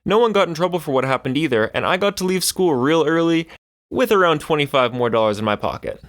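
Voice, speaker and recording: A man narrating online stories aloud as a scripted reading. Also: fast talker. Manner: animated storytelling with swinging pitch.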